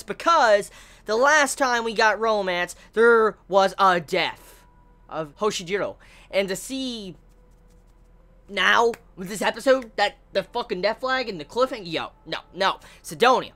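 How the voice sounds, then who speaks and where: A woman's voice: medium pitch, pushed and bright. A woman reviewing an anime episode in a casual video rant, exasperated, swearing often and stammering over repeated words.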